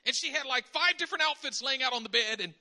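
A man preaching a sermon in an animated way, acting out conversations in different voices. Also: very high-pitched, quick pace.

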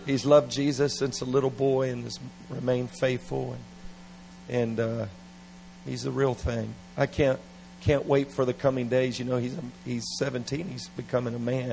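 A middle-aged man preaching at a revival service, animated and playful, with laughing asides. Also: medium pitch, creaky, slight background noise, rough recording. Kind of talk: revival sermon.

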